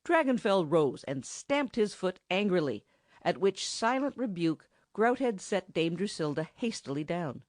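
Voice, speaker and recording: A woman reading a children's storybook aloud in an expressive narrating style. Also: on the low side, unhurried, no room sound, studio quality. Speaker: audiobook narrator.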